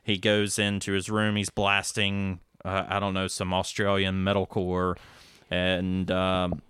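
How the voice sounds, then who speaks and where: Brief: male podcast co-host, low and bright, rambling casual recap, dry close mic. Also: completely flat delivery, a little slow, smooth, no room sound. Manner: rambling, loose recap with many fillers and restarts. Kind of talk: casual movie recap chat.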